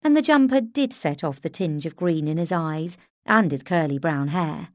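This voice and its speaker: A woman narrating an audiobook in a measured, expressive storytelling manner. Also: deep voice, dry recording. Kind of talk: scripted narration.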